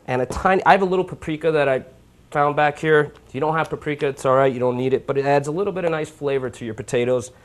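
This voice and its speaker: A man's voice: a little high, quick pace. A man from New York hosting a live cooking show, chatting informally while he cooks. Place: home kitchen.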